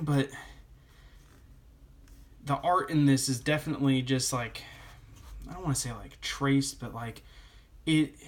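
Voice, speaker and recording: Rambling, opinionated male comic reviewer. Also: mid-range voice. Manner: rambling, opinionated, full of fillers. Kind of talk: casual review vlog.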